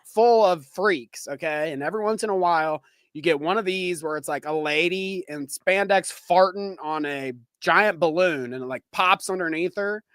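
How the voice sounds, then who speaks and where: A man co-hosting a live podcast, talking casually in a crude, animated way and laughing often. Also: high voice, moderate pace, few pauses, dry recording, clean studio sound. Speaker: podcast co-host. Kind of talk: casual live-stream chat.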